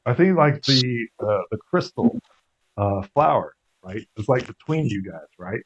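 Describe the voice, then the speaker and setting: A man's voice: medium pitch, sing-song, unhurried, slightly rough. Male game master, loose rambling narration, dull lo-fi sound. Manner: casual, rambling, many fillers and laughs.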